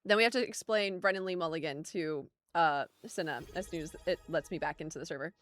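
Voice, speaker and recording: A woman's voice: deep voice, fast talker, fairly bright tone, dry recording, soft background music. A woman hosting a casual gaming livestream, talking to chat and laughing often.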